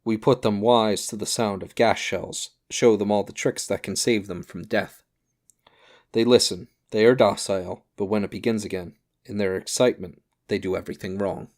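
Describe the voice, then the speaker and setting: A man narrating an audiobook in a measured, grave reading with clipped phrases. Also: lowish voice, steady tone, a little mellow. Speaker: audiobook reader.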